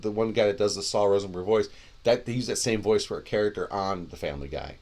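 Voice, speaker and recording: A man's voice: lowish voice, fast, a little mellow. A man co-hosting a podcast in casual chat, rambling with many restarts and asides. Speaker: podcast co-host.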